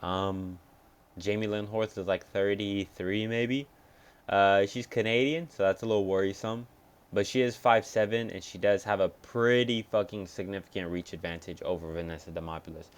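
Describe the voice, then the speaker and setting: A young man talks through upcoming fights in a loose, unscripted breakdown. His voice sits fairly low, and he swears freely. He thinks aloud and second-guesses his picks as he goes. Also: steady tone, normal speed, clear, resonant tone. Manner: rambling, profane, thinks aloud and changes picks. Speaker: MMA fight picks commentator. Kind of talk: casual fight-prediction breakdown.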